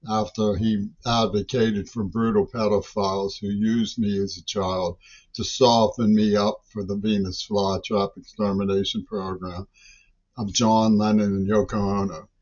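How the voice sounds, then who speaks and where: An older man delivering a long, agitated, rambling monologue, often breaking off words and restarting. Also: lowish voice. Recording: dull lo-fi recording.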